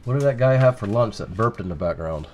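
A man baiting a phone scammer, playing a slow, rambling, confused caller. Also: on the low side, animated, a little hiss or hum. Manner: plays dumb, slow and rambling. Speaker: scam baiter posing as a caller. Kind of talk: prank phone call.

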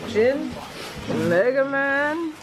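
A woman's voice: high-pitched, very slow. A woman vlogger at a family gathering, coaxing her dog in a playful way. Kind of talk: casual home vlog. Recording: noisy room full of family chatter.

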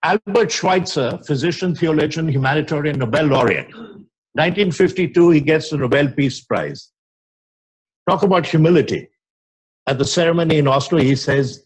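An older man with an Indian English accent giving a medical lecture in a hall, telling stories and quoting with soft, dramatic drops in his voice. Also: on the high side, moderate pace, breathy edge. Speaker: physician giving grand rounds talk.

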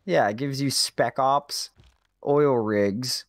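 A man's voice: medium pitch, takes it slowly. A man playing a strategy game with a friend, teasing dryly and explaining game rules. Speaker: co-player on a game stream. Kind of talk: casual gameplay chat.

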